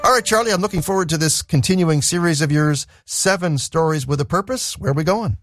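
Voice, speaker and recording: A man co-hosting a Christian radio show, chatting in a relaxed way and telling personal anecdotes. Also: a little high, fairly quick. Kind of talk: casual radio chat. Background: loud music bed.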